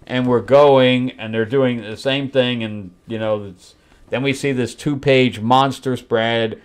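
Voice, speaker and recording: Brief: male host critiquing a comic, blunt and exasperated, mocking the story in quick asides. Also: medium pitch, fairly even intonation, clear, resonant tone. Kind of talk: comic book review.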